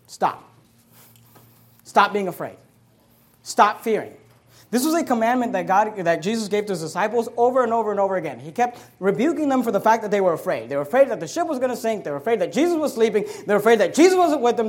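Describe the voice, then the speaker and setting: Male pastor, high voice, sermon delivery, emphatic scripture reading with rhetorical questions. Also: animated, fast talker. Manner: preaching, swings from loud emphatic scripture reading to quiet, low asides; reads old-style scripture and answers rhetorical questions.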